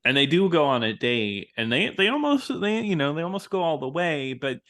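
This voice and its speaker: A man co-hosting a movie review podcast, chatty and quick to laugh, sometimes asking his co-host questions. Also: on the high side, sing-song, fairly bright tone. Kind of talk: casual movie review chat.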